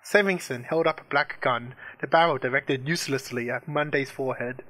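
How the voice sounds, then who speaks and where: Amateur storyteller: man, mock-serious, flat deadpan delivery, bright tone. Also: mid-range voice, brisk, rough recording. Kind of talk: mock-dramatic story reading.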